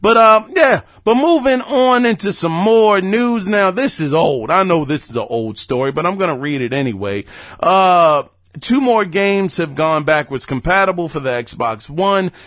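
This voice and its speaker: Animated man hosting a gaming podcast. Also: high-pitched, moderate pace, no room sound, studio quality. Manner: animated, chatty, emphatic asides. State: hiccuping. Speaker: podcast host. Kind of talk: casual gaming news commentary.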